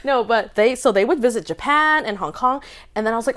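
Lively young woman, laughing chatter. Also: fairly high pitch, quick pace. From Vancouver, Canada. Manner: lively, laughs often, restarts and fillers. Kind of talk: casual chat.

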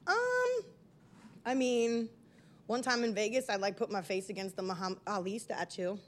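A young woman co-hosting a casual podcast chat, loud and teasing, laughing and swearing. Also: on the high side, lively intonation, normal speed. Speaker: podcast co-host.

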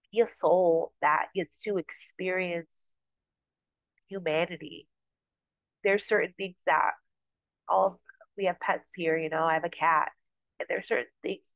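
A woman's voice: on the low side, no echo, rough recording. A woman hosting a podcast, talking earnestly and a bit rambling about her spiritual life. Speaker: podcast host. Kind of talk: casual spiritual talk.

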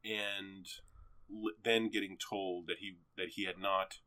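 A man in a casual chat, excitedly and profanely retelling the opening of a film. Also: low voice, measured pace. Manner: animated, excitable, profane storytelling.

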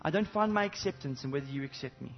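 Before a congregation at a church service, an animated man preaches quickly, swinging from loud exclamations to low, intimate asides and posing many rhetorical questions. The sound is lo-fi.

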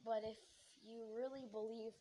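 A woman's voice: a little high, steady tone, normal speed, warm tone, close to an everyday voice. A woman voicing a young man, a shaken friend, who talks hesitantly and rambles. It is a noisy recording with clicks. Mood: somber.

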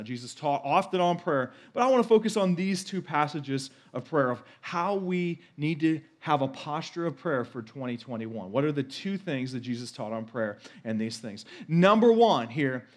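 A man in his forties preaching a sermon as pastor, emphatic and repeating key phrases for effect. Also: medium pitch.

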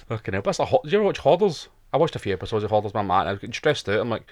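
A man's voice: fairly low pitch, very animated, fast, long pauses, dry recording, studio quality. A Scottish man co-hosting a podcast, joking and swearing in casual banter. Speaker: podcast co-host. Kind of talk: casual chat.

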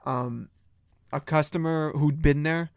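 A man co-hosting a podcast, telling stories in an animated way, laughing often and acting out what people said. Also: on the high side, slow pace, smooth, no echo, clean studio sound. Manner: animated storytelling, laughs often, acts out quotes. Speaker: podcast co-host. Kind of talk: casual chat.

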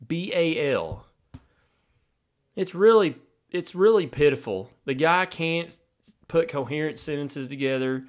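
A man hosting a podcast with an opinionated, sarcastic edge. He rants and piles up rhetorical questions. His voice sits a little high. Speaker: sports podcast host.

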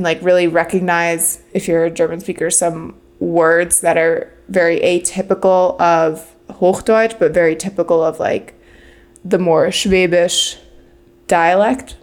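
A young adult woman co-hosting a casual podcast chat, talking loosely with many fillers. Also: on the low side. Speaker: podcast co-host.

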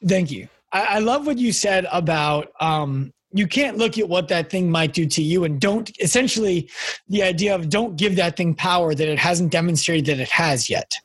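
A man hosting a podcast interview, telling stories in a casual, lively way with quick bursts of speech. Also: sits high, slightly rough, no room sound. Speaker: podcast host.

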